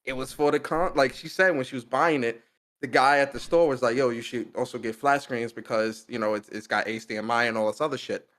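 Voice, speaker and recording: A man's voice: mid-range voice, steady tone, a little fast, a bit bright. A young man co-hosting a podcast, telling a personal story in casual slangy chat, laughing often. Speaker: podcast co-host.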